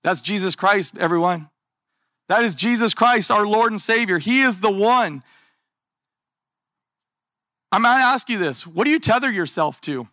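Male preacher, bright tone, dry close mic; lively, talky sermon with many questions. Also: sits high, normal speed, long pauses, no room sound. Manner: animated, conversational preaching with rhetorical questions. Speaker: pastor.

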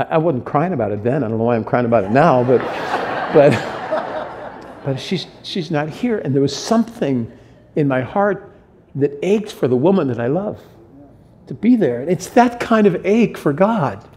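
A man's voice: on the high side, a little mellow. A middle-aged man preaching a sermon as pastor, speaking earnestly and tenderly with frequent restarts.

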